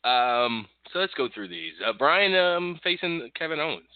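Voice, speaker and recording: A man's voice: a little high, sing-song, moderate pace, smooth, dry recording. A man from the northeastern US co-hosting a wrestling podcast, rambling casually and laughing often as he tells a story. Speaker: podcast co-host. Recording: dry phone-like line.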